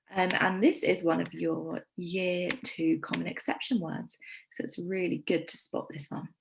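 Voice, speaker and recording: An English woman teaching a primary school lesson, with encouraging, clear teacher talk. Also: fairly low pitch, noisy background. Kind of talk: recorded remote lesson.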